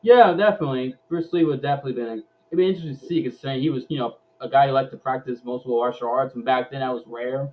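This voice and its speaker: A man hosting a casual live-stream sports chat in an ordinary middle-pitched voice. He often stumbles and repeats words before he gets a thought out. His audio sounds dull and lo-fi. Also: steady tone, rapid-fire, few pauses. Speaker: host.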